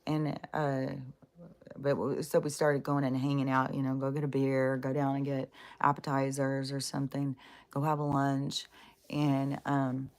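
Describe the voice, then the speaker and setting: A woman's voice: very deep voice, completely flat delivery, unhurried, darkish tone. A woman vlogging in casual, rambling talk, blunt and profane, with many fillers and restarts. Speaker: spiritual vlogger.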